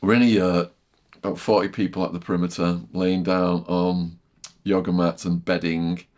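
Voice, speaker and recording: A middle-aged man telling a vivid story as a podcast guest, repeating phrases and sinking to a hushed near-whisper at tense moments. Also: deep voice, flat delivery, moderate pace. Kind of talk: storytelling in casual chat.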